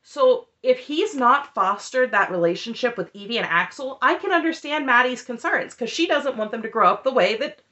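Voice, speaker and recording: A woman's voice: on the high side, animated, normal speed, hardly any pauses, bright, forceful tone, highs cut off. A woman giving a casual, opinionated recap of a TV episode with a sarcastic, chatty manner. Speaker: recap commentator.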